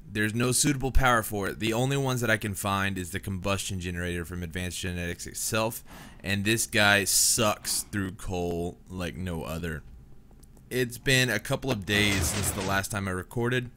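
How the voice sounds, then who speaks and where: This gaming channel host, a young man, talks through his let's play at home in a relaxed, wandering way. "Man" and "dude" come up constantly, and his voice is on the low side with a sharp edge.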